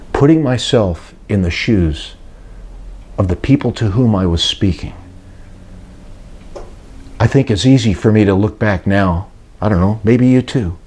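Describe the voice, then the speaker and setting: A man's voice: on the low side, darkish tone, husky. An older man preaching and retelling a story, acting out the voices of those he quotes. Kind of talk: sermon-style teaching talk.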